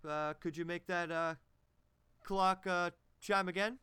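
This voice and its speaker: A man hosting an improvised comedy bit, hesitant and prone to repeating himself. His voice is a little high, smooth and clean. The recording is dry and close. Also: steady tone, unhurried, bright, forceful tone, no echo. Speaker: podcast host.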